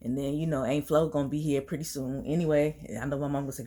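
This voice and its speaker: A woman's voice: low voice, level tone, fast, warm tone. A woman vlogging to her viewers in a casual, slangy, storytelling way, laughing often.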